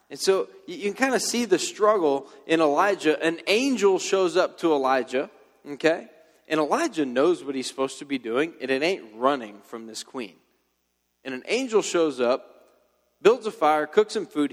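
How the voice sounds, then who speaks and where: Here the young youth pastor sounds on the high side and expressive, speaking at normal speed. His casual, slangy sermon to the youth group unfolds loosely, like a friend telling a story, under long hall reverb.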